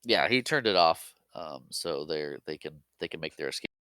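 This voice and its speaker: A man's voice: extremely low pitch, lively intonation, pushed and bright, clear, resonant tone, no echo. A man co-hosting a podcast, chatting casually about a film and sharing fun facts. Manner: chatty, shares fun facts, quick laughs. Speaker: podcast co-host. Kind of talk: casual movie recap chat.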